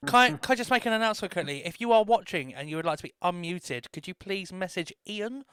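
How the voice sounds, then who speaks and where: A man's voice: high voice, expressive, quick pace, fairly bright tone, smooth, no echo, clean studio sound. A man co-hosting on a video call, teasing and pushing a friend in casual banter.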